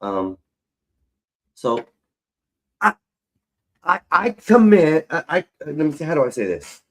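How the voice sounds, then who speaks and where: A man's voice: mid-range voice, lively intonation, unhurried. A man chatting casually to viewers on a live stream, loose and profane, rambling and talking to his audience as y'all. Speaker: livestreamer. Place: at home, fixing his hair on camera.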